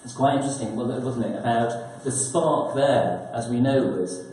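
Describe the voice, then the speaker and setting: Guy giving a talk, mellow tone, super echoey room, faint hum behind. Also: medium pitch, measured pace. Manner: thoughtful, uses rhetorical questions. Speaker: author and speaker at a press conference. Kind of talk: prepared talk to an audience. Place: conference hall.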